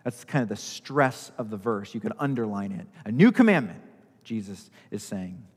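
A man's voice: lowish voice, normal speed, breathy edge, long reverb tail. A male pastor preaching a sermon, repeating key phrases for emphasis.

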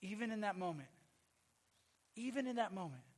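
Delivering a sermon at normal speed with lively intonation, this male pastor has a remarkably high voice. He's emphatic, repeats his phrases, and asks for amens, swinging from loud insistence to hushed quiet.

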